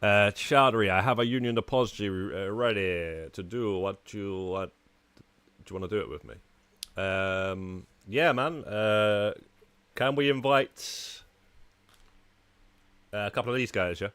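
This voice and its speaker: A man with a low voice talks casually to viewers while he streams a game. He drifts from thought to thought, filling gaps with "uh" and calling people "man" and "mate". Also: unhurried, long pauses, a bit bright, clean tone, dry recording. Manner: chatty, frequent "uh" and "man", talking to chat while playing. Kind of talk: casual live-stream chat.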